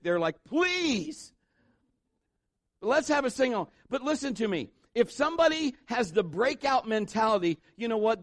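A man preaches a sermon in church, working jokes and acted-out quotes into his message. His voice sits high, with no room sound.

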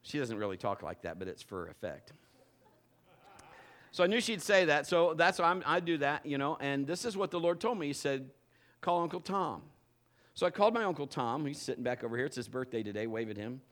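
A male pastor preaching to his congregation, telling a personal story in an animated way, with self-mocking humor and frequent restarts. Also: medium pitch, a little fast. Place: church before a congregation.

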